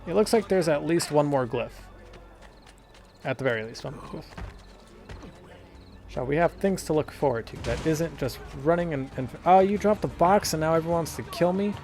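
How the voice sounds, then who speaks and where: Gravelly, profane young man playing a game. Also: on the high side, lively intonation, normal speed, long pauses, a little mellow, faint music behind. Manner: profane, rambling, laughing often. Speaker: gameplay commentator. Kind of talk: casual let's-play commentary.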